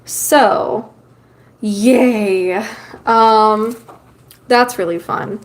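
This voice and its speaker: A woman's voice: medium pitch, extremely slow, a little hiss or hum. A woman streamer chatting casually with her viewers while reading tarot cards, loose and talkative with lots of filler ums. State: has the hiccups. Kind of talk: casual live-stream chat.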